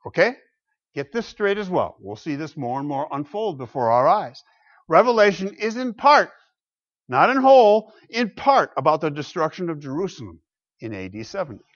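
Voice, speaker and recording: A man preaching a sermon, emphatic, swinging between loud exclamations and quiet low asides. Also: sing-song, moderate pace, highs cut off.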